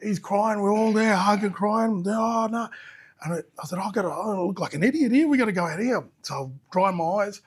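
A man's voice: high-pitched, a little fast, husky. An Australian man, a musician guest, telling his story animatedly and acting out what people said. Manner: animated storyteller, acts out quotes. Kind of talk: storytelling interview chat.

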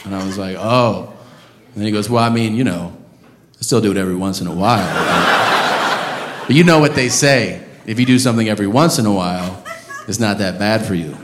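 A man telling a profane stand-up story, with loud outbursts when he acts out the people in it. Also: on the low side, brisk. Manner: profane storytelling, acting out shouted characters. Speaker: stand-up comedian. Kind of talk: stand-up comedy set. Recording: live club, long reverb and room noise. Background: audience laughter.

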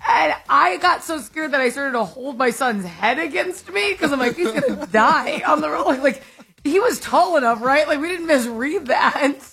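A woman co-hosting a casual radio chat, telling stories in an animated way and often laughing. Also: high-pitched, moderate pace, vocal fry. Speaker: co-host.

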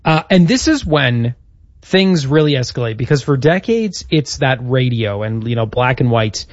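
A man's voice: mid-range voice, lively intonation, normal speed, no room sound, muffled recording. A man co-hosting a casual chat, telling history from his notes. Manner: storytelling, reading out history notes. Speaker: podcast co-host.

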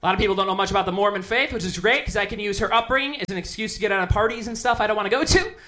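A man doing a stand-up set, telling wry stories with quick mock dialogue. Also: sits high, bright, forceful tone. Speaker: stand-up comedian.

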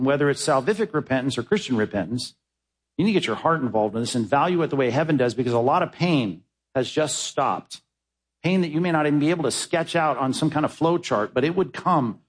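A man preaching a sermon as pastor, swinging between loud emphatic bursts and low hushed lines. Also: slightly rough, low-quality recording.

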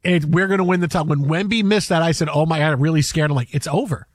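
A man hosting sports talk radio, telling stories in an animated, rambling way with lots of fillers and restarts. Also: on the high side, fast.

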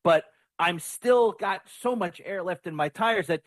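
A man giving excitable, stumbling takes as a guest on a sports podcast. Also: high-pitched, a little slow, no echo. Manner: excitable, repeats words when starting. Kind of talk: casual sports talk.

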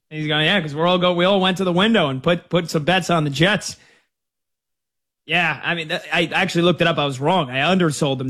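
A man's voice: fairly high pitch, fairly bright tone. A man hosting a sports talk radio show, chatting conversationally and taking calls. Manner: conversational, quick asides.

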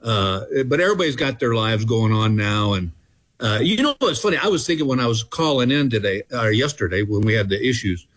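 A man's voice: medium pitch, expressive, brisk, a bit bright. A man in his sixties from Texas, a comedian telling folksy, self-deprecating stories in a casual interview. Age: 60s. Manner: folksy, self-deprecating, chuckles between lines. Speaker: comedian guest. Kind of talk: casual phone interview storytelling.

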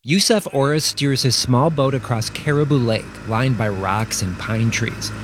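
A man reporting a news feature for radio in a measured, even narration. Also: mid-range voice, background noise.

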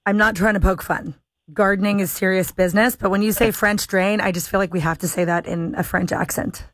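A woman's voice: medium pitch, fairly even intonation, a little fast, dry recording. A woman hosting a radio call-in show, reading listener questions in a light, playful manner. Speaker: radio host.

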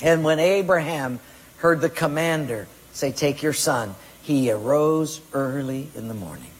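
Pastor, male, high husky voice, emphatic delivery, church hall with long reverb. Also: lively intonation, measured pace. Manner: emphatic, fires rhetorical questions at the congregation. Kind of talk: sermon.

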